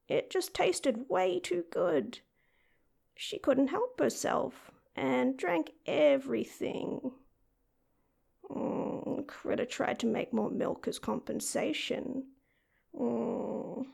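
A woman voices a playful female cat inhabiting a young woman's body, addressing the listener in an audio role-play. She lingers over each word, calls herself by name instead of "I," and meows often in a high, gravelly, fry-laden voice with a darkish tone. The performance is heavily acted and sounds curious.

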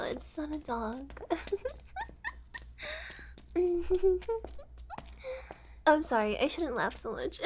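A woman's voice: high voice, slight background noise. A young woman voicing a cheerful, unhinged kidnapper who giggles, teases and keeps reassuring her guest. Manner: giggly, teasing, falsely reassuring. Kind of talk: amateur audio role-play.

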